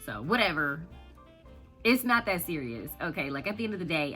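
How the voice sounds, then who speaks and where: Casting: woman vlogger, animated casual rant, bright voice, faint music underneath. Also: low-pitched, brisk. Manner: animated, laughing often, emphatic repetition.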